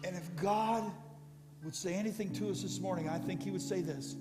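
A middle-aged pastor preaches with feeling, his fairly high voice lifting into eager storytelling. He is recorded in a big echoing church room. Gentle guitar music plays underneath. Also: fairly quick. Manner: emotional, storytelling with rising excitement. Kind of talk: sermon. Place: church sanctuary. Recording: echoey church hall with music. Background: soft guitar music.

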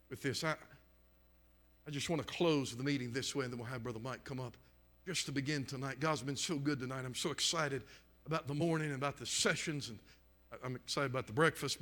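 A middle-aged male preacher delivering a live sermon, building repetitive emphatic phrases and swinging between shouts and near-whispers. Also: fairly high pitch, long reverb tail. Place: church meeting, live stream.

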